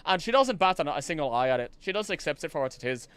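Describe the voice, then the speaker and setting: A man streaming a game and chatting casually, rambling and animated, now and then slipping into playful voices. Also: a little high, quick pace, smooth. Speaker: streamer and voice actor.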